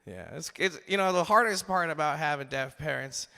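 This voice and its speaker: A man in his twenties works a comedy club stage with a bright, forceful voice that sits a little high. He talks loose and profane and breaks into shouts for the bits. The live mic carries a long hall reverb. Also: a little fast, creaky. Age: 20s. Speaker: stand-up comedian. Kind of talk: stand-up comedy set.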